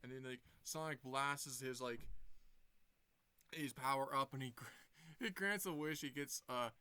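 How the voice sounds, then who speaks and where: A man's voice: mid-range voice, a little slow, pushed and bright, clean tone, dry recording. Rambling young guy retelling a movie. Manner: rambling, many fillers and restarts. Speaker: movie reviewer. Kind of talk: casual plot retelling.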